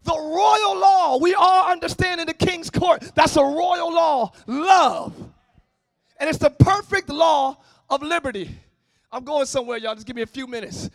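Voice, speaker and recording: A man preaching a sermon as pastor, often shouting. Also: very high voice, measured pace, vocal fry, no echo, studio quality. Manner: shouting, sing-song preaching with call-and-response. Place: church service, before a congregation.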